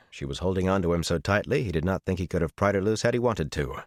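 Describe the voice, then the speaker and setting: Deep-voiced male audiobook narrator. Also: animated, dry recording, studio quality. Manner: measured, dramatic storytelling. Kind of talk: scripted fantasy audiobook narration.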